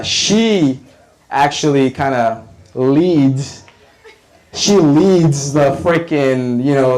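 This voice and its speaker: Guy doing a comic story, animated and profane, repeats lines for punch. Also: medium pitch, poor audio. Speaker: comedian. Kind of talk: stand-up storytelling.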